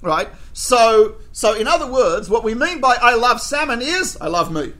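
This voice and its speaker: A man with a high, bright voice gives a religious lesson. He speaks in a chatty, anecdotal way and keeps asking "right?" as he explains each point. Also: very animated, moderate pace. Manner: anecdotal, peppered with rhetorical "right?". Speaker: religious teacher. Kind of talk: Torah lesson.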